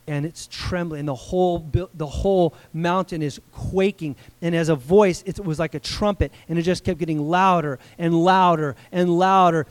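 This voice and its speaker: A man preaching a sermon to a congregation, conversational and energetic, building to loud cries at times. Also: on the high side. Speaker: pastor.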